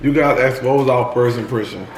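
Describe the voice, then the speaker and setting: A man's voice: medium pitch, a little fast. A young man, teasing and laid-back as he co-hosts a mukbang. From Texas, United States. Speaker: co-host of a couples channel. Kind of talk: casual mukbang chat. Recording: echoey room with faint hum.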